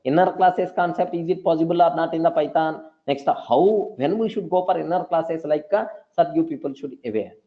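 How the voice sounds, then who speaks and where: A man's voice: on the high side, a little fast, few pauses. A man teaching a beginner programming lecture who keeps repeating words and calls his listeners "sir". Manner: repetitive, addresses listeners as sir. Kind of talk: live coding lecture. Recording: dull lo-fi audio.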